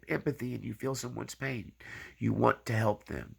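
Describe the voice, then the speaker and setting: A man's voice: medium pitch, steady tone, normal speed, creaky, slightly rough. A man hosting his own channel, giving a rambling personal faith testimony full of tag questions. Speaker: channel host.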